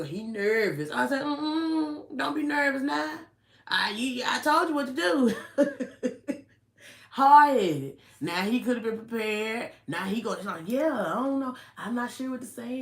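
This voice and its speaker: A middle-aged woman telling a story to her viewers in an animated, chatty way, calling them "y'all" and "honey". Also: fairly low pitch, roomy sound. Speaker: vlogger. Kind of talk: casual storytelling to camera.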